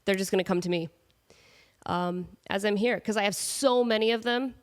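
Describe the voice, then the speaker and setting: A woman in her thirties hosts her solo podcast from home, her voice nasal and stuffed up from a cold. She chats along in a self-mocking way, wandering off into asides, with her pitch sitting in a middle range for a woman. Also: moderate pace. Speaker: podcast host. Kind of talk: casual solo podcast chat.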